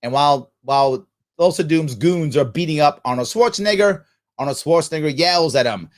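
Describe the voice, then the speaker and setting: A man's voice: a little high, brisk. A male podcast host giving mocking, sarcastic commentary on clips that he plays back.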